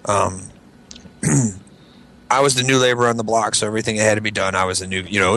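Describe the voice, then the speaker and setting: A man's voice: lowish voice, fairly even intonation, fast, long pauses, sharp tone. A young man telling a rambling, profane story on a casual group podcast, acting out the voices of the people in it. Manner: rambling, profane, acts out voices in his stories. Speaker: podcast co-host.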